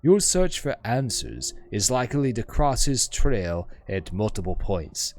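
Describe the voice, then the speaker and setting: A man's voice: lowish voice, big pitch swings, darkish tone, slight background noise. A man putting on a stately scholarly woman. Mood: measured, gracious. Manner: measured, formal, precise diction. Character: elegant formal woman scholar, serene hive mind.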